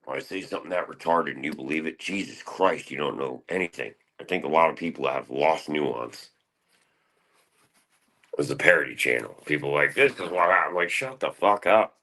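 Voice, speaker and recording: A man's voice: normal speed, pushed and bright. A man talking in a rambling, profane monologue on his own stream, restless and jumping between thoughts. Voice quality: gravelly, very deep.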